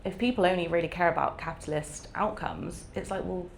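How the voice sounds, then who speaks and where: Woman author, low voice, candid and reflective, faint background hum. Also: brisk, creaky. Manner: warm, reflective, laughs often, lots of fillers. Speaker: author guest. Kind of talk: candid conversational interview.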